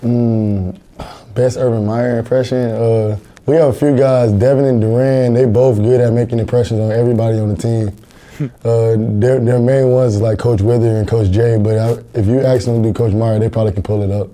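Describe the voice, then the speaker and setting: Earnest young man, flat dark voice. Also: mid-range voice, moderate pace. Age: young adult. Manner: earnest, plain-spoken, repeats words as he thinks. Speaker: college football linebacker. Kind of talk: TV interview answers.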